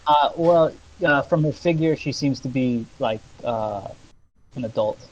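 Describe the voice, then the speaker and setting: Young man, game master, hesitant, lots of fillers, mid pitch, dull lo-fi sound. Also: unhurried, a little hiss or hum. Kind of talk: running a tabletop game over voice chat.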